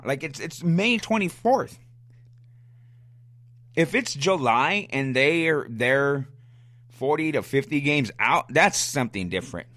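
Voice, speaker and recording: A man's voice: medium pitch, a bit bright, no echo. A man hosting a sports fan podcast and answering listener questions in a casual, fired-up way. He is blunt, repeats himself and stammers as he restarts sentences.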